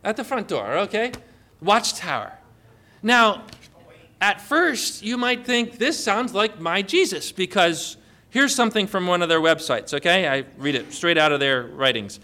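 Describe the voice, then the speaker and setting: A man's voice: sits high, expressive, unhurried, bright, forceful tone. A man preaching a sermon to a congregation, emphatic and asking them questions. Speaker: pastor.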